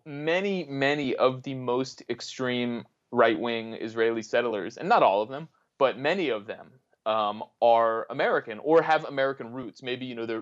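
A man speaking as a guest in a political interview, talking in a halting way with many restarts. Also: mid-range voice, a bit bright, lo-fi sound. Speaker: guest journalist.

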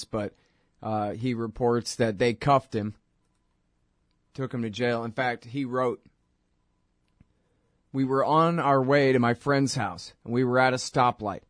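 A man's voice: mid-range voice, steady tone, measured pace, dry recording. A man in a mid-range voice talks through a clip in a casual, conversational way, with easy fillers. His voice is recorded close and dry, with no room sound. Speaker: host. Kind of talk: video commentary.

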